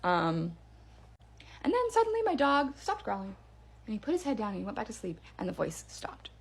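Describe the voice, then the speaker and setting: A woman telling her own spooky story in a casual, chatty way, with fillers and hushed drops for suspense. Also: mid-range voice, very animated, normal speed, vocal fry, slightly rough. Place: parents' backyard by a campfire.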